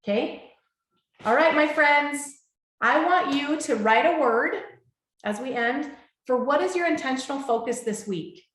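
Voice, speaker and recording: A woman hosting a motivational talk, speaking heartfelt and warm and checking in with her listeners often. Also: high voice, measured pace. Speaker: host. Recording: echoey room.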